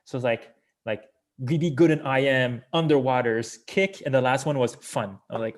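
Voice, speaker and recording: Brief: man, mid-pitched, loose and rambling, lots of fillers, video call. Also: a little slow. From Canada. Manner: rambling, filler-heavy storytelling with chuckles. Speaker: guest swimmer. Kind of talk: casual conversation.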